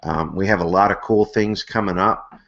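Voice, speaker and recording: A man with a very low, deep voice hosts a live web stream from home, chatting loosely and circling back with lots of ums and uhs. The sound is muffled and lo-fi, like an older online broadcast. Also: steady tone, moderate pace, gravelly, fairly bright tone. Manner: rambling, hesitant, many fillers and restarts. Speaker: host of an amateur astronomy hangout. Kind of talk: casual live-stream talk.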